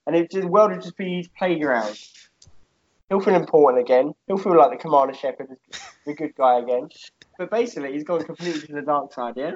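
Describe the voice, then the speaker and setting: A man's voice: on the high side, a little fast, muffled recording. A man in casual chat, telling a rambling made-up fight story with lots of swearing and "yeah?" tags.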